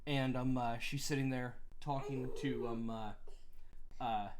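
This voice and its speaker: A man's voice: mid-range voice, steady tone, takes it slowly, darkish tone, a little hiss or hum. Rambling man recapping a book. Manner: rambling, many ums and uhs, jokey paraphrases. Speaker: podcast co-host. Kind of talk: casual book club recap.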